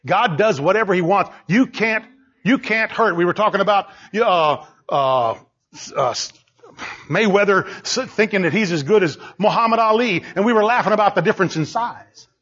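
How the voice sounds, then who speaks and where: A man preaching a sermon, driving his points home with repetition and bursts of shouting. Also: high-pitched, normal speed, slightly rough. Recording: dull lo-fi recording.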